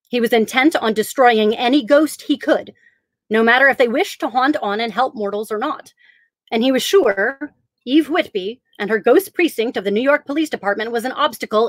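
A woman with a fairly high voice reads her own gothic novel aloud, bringing the sentences to life with theatrical expression. The sound is dry and close, with no room around it. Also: dry recording. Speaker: author reading her own fiction. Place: home during lockdown, live stream.

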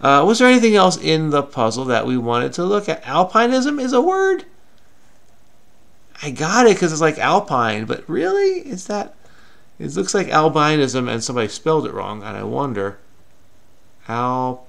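Gravelly man frenetically solving crosswords. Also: on the high side, big pitch swings, moderate pace, a bit bright. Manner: frenetic, muttering to himself. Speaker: crossword solver. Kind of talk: casual puzzle-solving commentary.

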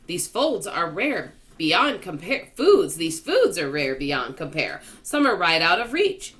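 A woman reading aloud and voicing a boastful male centipede who recites his verse slowly in a sing-song way. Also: fairly low pitch, very animated, a bit bright, full character voice.

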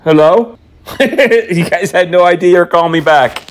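A man's voice: sits high, unhurried. A man making prank phone calls, taunting and mocking, dropping Hindi phrases. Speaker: prank caller.

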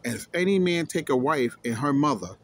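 A man's voice: fairly high pitch, animated, fairly quick, a little hiss or hum. A man reading scripture aloud and explaining it emphatically, repeating key words and challenging his listeners. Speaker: scripture teacher.

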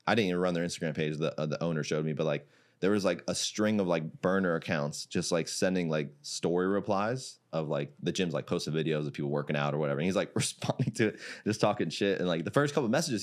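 This deep-voiced man from Iraq owns a jiu-jitsu gym and is telling a story as a podcast guest. His talk is casual and animated, full of laughter, frequent "like," and swearing.

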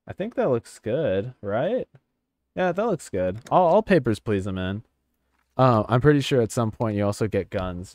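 A man giving excitable, chatty let's-play commentary while playing a video game, swearing casually. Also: lowish voice, no echo. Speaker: gaming channel host.

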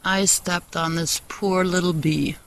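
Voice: mid-range voice, fairly even intonation, measured pace, fairly bright tone, low-quality recording. A vlogger in a casual, rambling personal chat who talks candidly, swears freely and laughs often, recorded outdoors on a handheld phone. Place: outdoors in a meadow, sitting on a wooden bench.

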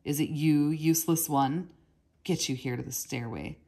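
A woman's voice: low-pitched, normal speed, mellow, breathy edge. A woman reading aloud and voicing a harsh, brutal stonecutter who growls and grates his words. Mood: gruff. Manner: growling, grating, menacing.

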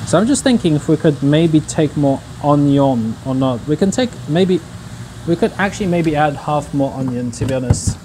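A man's voice: a little high, normal speed, background noise. A young man casually chatting to his viewers while he cooks on a livestream, in a laid-back, slangy way. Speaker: streamer. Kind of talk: casual cooking livestream chat.

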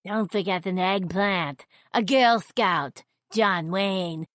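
A woman's voice: medium pitch, slow, a bit bright, no echo, studio quality. A woman voicing a tired, complaining, bent-over male servant in a children's storybook reading. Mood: weary.

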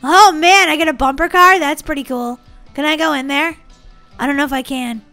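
A woman with a very high, bright voice chatters through a game with bubbly, silly let's-play commentary and frequent giggles. Faint game music plays behind her. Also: brisk. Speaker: gaming channel host.

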